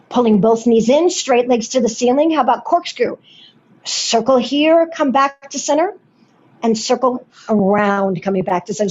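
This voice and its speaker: A woman's voice: a little high, darkish tone, muffled recording. A woman Pilates instructor giving a live class and cueing each movement while she does it, encouraging throughout.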